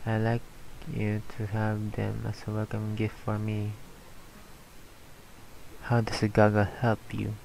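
A tired man talking over his gameplay in a slow, low drawl. His voice is gravelly and flat, and he mutters his asides. A faint hiss sits under the recording. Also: poor audio. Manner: mumbling asides, reads game text aloud. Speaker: let's play gamer. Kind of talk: casual gameplay commentary.

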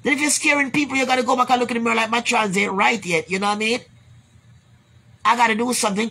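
A woman's voice: fairly high pitch, a little fast, a bit bright, husky. A Jamaican woman ranting bluntly to her viewers, swearing and repeating herself, then closing with blessings. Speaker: vlogger. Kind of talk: profane rambling rant to camera.

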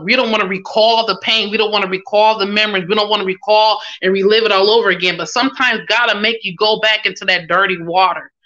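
Woman preacher reading scripture then preaching on it, bright voice, kinda dull lo-fi sound. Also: mid-range voice. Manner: expository preaching, reads scripture then applies it with call-and-response asides. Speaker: minister. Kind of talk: sermon.

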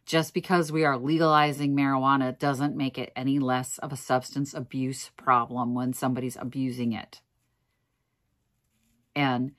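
Low-voiced tired woman vlogger. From Minnesota, USA. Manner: earnest, tired, near tears at times. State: exhausted. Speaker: thrift reseller vlogger. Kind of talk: casual emotional talk to camera.

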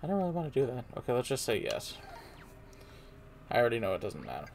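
A woman's voice: very deep voice, huge pitch swings, fast, a little mellow, slight background noise. A woman playing through a game and commenting, rambling with self-deprecating muttered asides. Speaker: let's player.

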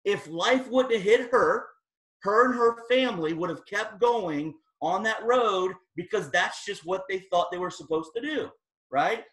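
A man giving an energetic motivational talk as guest speaker, telling his story with emphatic peaks. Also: high-pitched, a little slow. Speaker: guest speaker at team training. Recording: echoey room.

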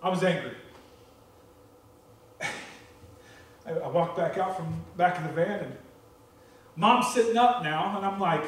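A man's voice: high voice, measured pace, long pauses. A man pastor giving an earnest, candid sermon with a personal testimony, often checking in with "okay?". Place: church sanctuary. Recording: echoey church from far off.

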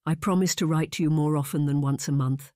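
A man's voice: fairly high pitch, fairly even intonation, brisk, mellow, dry recording, clean studio sound, close to an everyday voice. A man voicing a proper young woman, a governess, speaking formally and with restraint. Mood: soft.

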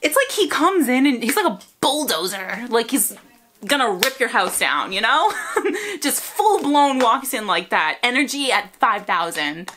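A woman reacting to a music video, gushing, swearing and squealing with excitement as she comments. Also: a little high, normal speed, slight background noise. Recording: loud music under voice. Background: music video playing.

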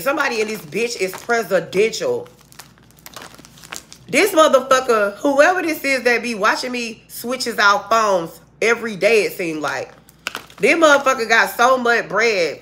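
A woman with a bright, forceful voice gives a fired-up tarot reading straight to her viewers. She talks in blunt, profane street slang. A faint hiss sits under her voice. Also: fairly high pitch. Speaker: tarot reader.

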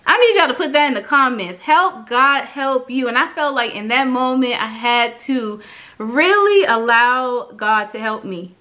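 A young woman vlogging about her own life in a bright, clear voice that sits a little high. She talks casually and with lots of animation, leaping up in pitch when she acts out the people she quotes. She is emotional and close to tears throughout. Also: measured pace. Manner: chatty and animated, acts out quoted dialogue with big pitch jumps. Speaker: vlogger reviewing an online course. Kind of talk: casual personal vlog storytelling.

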